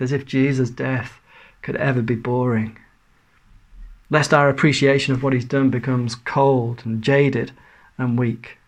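A man preaching a sermon to his congregation, earnest and full of rhetorical questions. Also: mid-range voice. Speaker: pastor.

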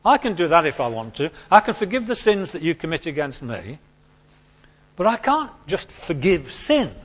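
A man preaching a sermon to his congregation, emphatic and animated, repeating his key points. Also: a little high, normal speed, slightly rough, muffled recording.

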